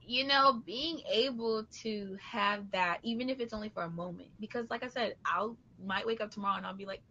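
A woman's voice: fairly high pitch, animated, moderate pace, hardly any pauses, pushed and bright, dull audio. A woman hosting a podcast, talking in an earnest, rambling, motivational way. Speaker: podcast host. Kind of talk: casual reflective chat.

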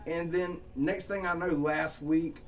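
A man's voice: on the high side, steady tone, unhurried, recorded from a distance. A young man from Southeast Georgia with a Southern accent, a country songwriter rambling through stories in casual podcast chat, laughing and cursing as he goes.

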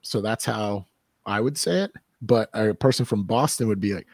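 Joking, dry-voiced podcast co-host. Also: male voice, on the low side, normal speed, vocal fry, darkish tone, no echo. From New Hampshire. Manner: rambling, joking, full of fillers. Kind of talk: casual chat.

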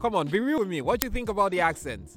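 A man's voice: high voice, sing-song, very fast, soft background music. A man hosting a casual chat, playful and teasing, often laughing. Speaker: host.

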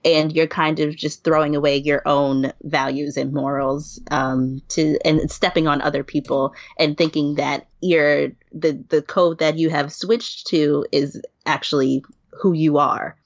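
Low, gravelly woman chatting with laughs. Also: fairly even intonation, a little slow, no echo. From New York. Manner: laughs often, talks with many fillers and restarts. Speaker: podcast guest. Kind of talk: casual chat. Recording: dull lo-fi sound.

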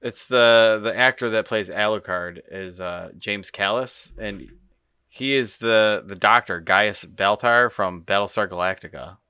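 A man's voice: lowish voice, a little slow, bright, forceful tone, clean tone, dry recording, clean studio sound. A man co-hosting a podcast, chatting in an offhand way. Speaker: podcast co-host. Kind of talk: casual chat.

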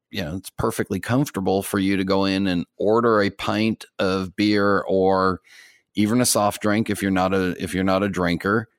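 A man's voice: fairly low pitch, dry recording, studio quality. An American man co-hosting a podcast, chatting casually in a rambling way with many fillers and little chuckles. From United States. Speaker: podcast co-host.

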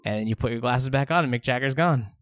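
A man's voice: medium pitch, quick pace, no echo. Joking man telling silly bits, dry sound. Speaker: podcast co-host. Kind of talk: casual comedic banter.

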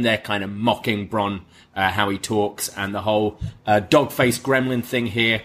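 A man's voice: on the low side, fairly even intonation, moderate pace, a bit bright. A man, co-hosting a podcast and giving a casual recap of a wrestling show. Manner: recaps the show, acting out quoted lines. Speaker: podcast co-host.

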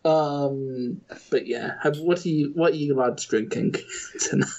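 A man's voice: fairly high pitch, measured pace, dark tone. A man co-hosting a casual podcast, sardonic and sweary as he tells a grumbling story. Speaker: podcast co-host. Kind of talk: casual chat. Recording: dull lo-fi sound.

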